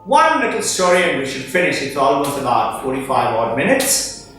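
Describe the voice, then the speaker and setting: A middle-aged man giving a spiritual talk to parents and children, acting out the figures in an animated way. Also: fairly high pitch, moderate pace. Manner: animated storyteller, acts out characters. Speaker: school head addressing parents. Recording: echoey distant room with faint music.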